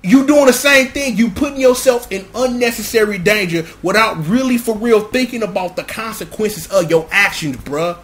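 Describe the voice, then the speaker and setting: A man's voice: high-pitched, normal speed, few pauses, a bit bright. A man voicing a worried young male friend who pleads and lectures earnestly in slang. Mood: lecturing. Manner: slangy, earnest, repeats pleas.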